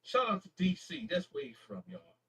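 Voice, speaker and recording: A man from Flint, Michigan, with a bright, slightly higher voice, casually shouting out viewers on his channel. He talks in loose slang, stumbles over names and corrects himself. His voice sounds husky and distant from the mic. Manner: slangy, halting name reading with self-corrections. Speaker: YouTube channel host.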